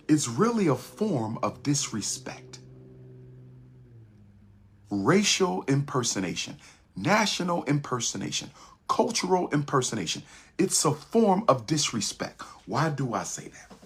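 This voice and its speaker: A man's voice: medium pitch, a little hiss or hum. A man giving an impassioned speech, emphatic and repetitive, with rhetorical questions. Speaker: public speaker.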